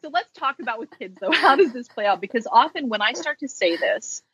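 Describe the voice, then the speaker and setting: A woman's voice: on the high side, very animated, brisk, fairly bright tone, a little hiss or hum, rough recording. A woman who is a social worker, speaking as a podcast guest in a candid, chatty way with self-deprecating humor. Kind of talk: casual interview conversation.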